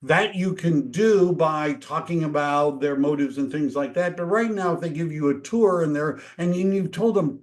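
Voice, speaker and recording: A man teaching a real estate training, talking casually and acting out quick dialogues with homeowners. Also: fairly high pitch, a little mellow. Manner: conversational, acts out dialogues. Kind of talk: training talk.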